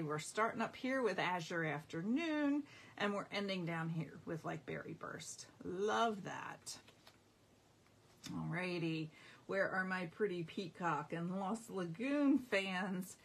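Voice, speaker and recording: A woman's voice: medium pitch, slightly rough. A middle-aged woman hosting a casual live craft showcase, gushing enthusiastically over her products. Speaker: craft demonstrator.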